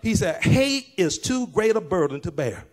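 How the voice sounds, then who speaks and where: A male pastor preaching a lively sermon, moving from quiet talk to loud shouts and laughing with his congregation. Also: normal speed. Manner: animated, swings from low and quiet to shouting.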